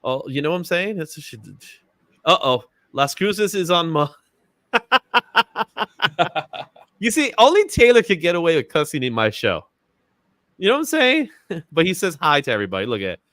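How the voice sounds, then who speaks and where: This livestream host is a man with a fairly high, slightly bright voice that swings widely in pitch; he speaks at a moderate pace and pauses often. He's casual, chatty and upbeat, laughs a lot, greets chat viewers by name, and uses fillers such as "you know what I'm saying." The recording is dry and studio quality.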